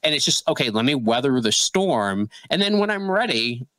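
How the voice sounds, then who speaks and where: A middle-aged man co-hosting a podcast, telling a personal story in animated, filler-heavy casual conversation. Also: medium pitch, normal speed, dry recording, rough recording. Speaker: podcast co-host.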